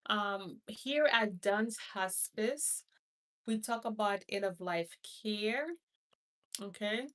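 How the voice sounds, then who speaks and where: A woman's voice: mid-range voice, slow pace, a bit bright, far from the mic. A woman from Haiti, a hospice nurse, hosting a casual live stream who rambles, repeats herself and greets viewers by name. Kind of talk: casual livestream chat.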